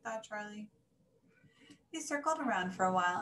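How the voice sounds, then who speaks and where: A woman reading a children's story aloud in an animated, singsong way. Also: on the low side, a little fast. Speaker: story reader. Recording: echoey room, faint hiss.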